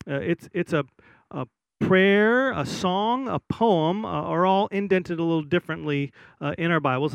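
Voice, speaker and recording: A man preaching a sermon in an easygoing, conversational way, with fillers and restarts, who slows down to read scripture with solemn weight. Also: on the high side, no echo. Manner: reads scripture slowly and solemnly. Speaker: pastor.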